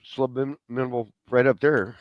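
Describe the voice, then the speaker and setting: A man's voice: mid-range voice, steady tone, measured pace, no room sound, highs cut off. A man co-hosting a casual chat show, teasing the others and cracking jokes. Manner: teasing, jokey. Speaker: co-host.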